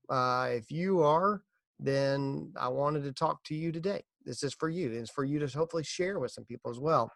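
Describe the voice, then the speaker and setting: Earnest podcast man with gravelly voice. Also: fairly high pitch, no echo, studio quality. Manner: earnest, encouraging, tells a corny joke. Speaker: podcast host. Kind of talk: casual motivational podcast talk.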